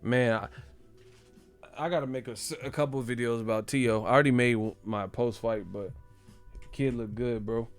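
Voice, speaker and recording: A man's voice: medium pitch, normal speed, smooth, soft background music. A man hosting his own channel, ranting casually about boxing in a joking, profane, trash-talking way. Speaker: boxing commentator, channel host. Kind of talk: casual boxing commentary rant.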